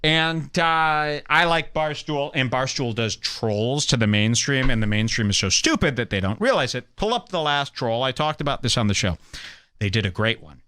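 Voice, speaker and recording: Sarcastic man ranting with a lively, bright voice. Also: normal speed, smooth. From Illinois. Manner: mocking, sarcastic, jumps into high mock voices. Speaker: podcast host. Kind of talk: ranting commentary over clips.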